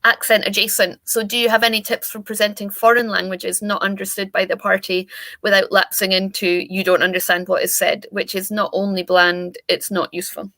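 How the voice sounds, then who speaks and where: Panel co-host, woman, bright forward tone, dry close sound, chatty with restarts. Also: medium pitch, little pitch movement, brisk, no room sound. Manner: reads listener questions, thinks aloud with restarts. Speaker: podcast co-host. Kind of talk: casual panel discussion.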